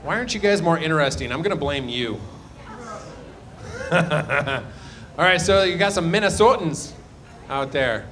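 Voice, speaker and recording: Man, stand-up comedian, crowd work, slightly higher voice, self-deprecating, trailing off. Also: lively intonation, measured pace, pauses often, a bit bright. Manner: rambling, self-deprecating banter, trailing off low. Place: live comedy show.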